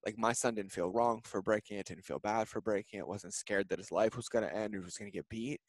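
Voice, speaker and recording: Brief: thirties male guest, low and heartfelt, close dry mic, earnest run-on storytelling. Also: a little fast, dry recording. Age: 30s. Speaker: podcast guest. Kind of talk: emotional personal storytelling.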